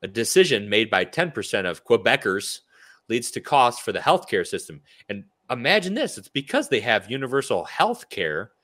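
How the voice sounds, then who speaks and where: A man's voice: medium pitch, big pitch swings, moderate pace, fairly bright tone. A man co-hosting a political talk show, ranting with indignant sarcasm.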